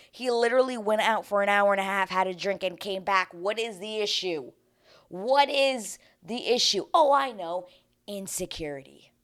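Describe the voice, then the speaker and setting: A woman's voice: medium pitch, a bit bright. A woman hosting a reality TV recap in casual commentary, ranting with exasperation and swearing freely.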